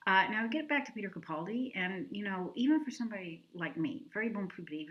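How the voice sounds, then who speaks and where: A woman hosting a casual TV review video, chatty and opinionated with quick asides. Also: medium pitch, lively intonation, muffled recording. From lives in France.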